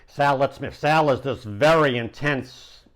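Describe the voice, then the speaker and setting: A man's voice: medium pitch, unhurried. A man, a landlord and real estate investor, telling an anecdote in a casual, conversational way with frequent chuckles. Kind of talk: anecdotal storytelling.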